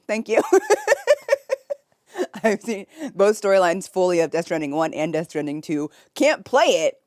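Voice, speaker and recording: A woman's voice: fairly low pitch, darkish tone, no echo, clean studio sound. A young American woman streaming from bed, chatting casually with viewers, reading chat aloud and laughing often. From United States. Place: home, in bed.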